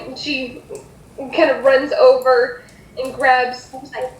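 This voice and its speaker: High-pitched woman running a tabletop game, halting and rambly, recorded in a roomy space. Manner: rambling, hesitant, self-correcting. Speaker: game master. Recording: echoey room.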